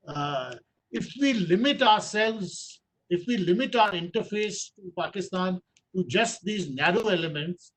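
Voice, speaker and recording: A man with an Indian English accent giving a formal policy lecture over a video call, measured and halting, with frequent "uh" fillers. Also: high voice, slight background noise, rough recording. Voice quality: measured, with many pauses and 'uh' fillers.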